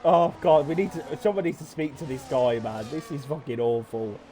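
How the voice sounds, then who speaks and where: A man giving excitable, swear-filled live commentary on a sim race, often laughing in disbelief. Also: a little high, normal speed, a little hiss or hum.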